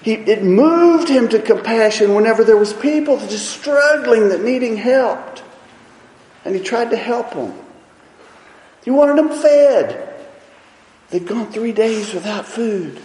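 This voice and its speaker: A man preaching a sermon with impassioned, emphatic delivery, swinging between loud and soft. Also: sits high, animated, takes it slowly. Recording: echoey hall.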